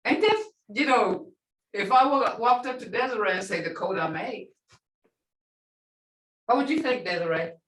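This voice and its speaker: Lively woman teacher, far off in a room. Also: on the high side, moderate pace, long pauses. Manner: animated, laughs often, acts out reactions. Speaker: language teacher. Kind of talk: classroom teaching. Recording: roomy classroom sound from far off.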